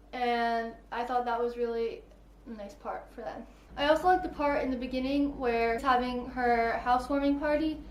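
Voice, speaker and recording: A woman's voice: high-pitched, slight background noise. A woman reviewing a novel in a casual vlog, gushing and filling her sentences with "like" and "I really liked". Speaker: book reviewer. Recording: echoey room.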